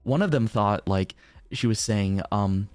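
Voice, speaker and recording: A young man streaming, telling a story in casual chat, animated, laughing often and swearing casually. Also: lowish voice, a little slow, clear, resonant tone, no echo.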